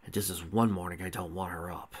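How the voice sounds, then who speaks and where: A man reading a fan story aloud, voicing a nervous, evasive young man in a quiet, low voice. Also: steady tone, brisk, slightly rough.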